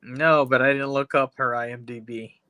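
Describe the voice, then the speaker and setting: A podcast co-host retells a film episode in casual chat, rambling and profane, acting out the characters' lines himself. His mid-range voice is steady, bright, forceful, clear and resonant, at a moderate pace with no echo.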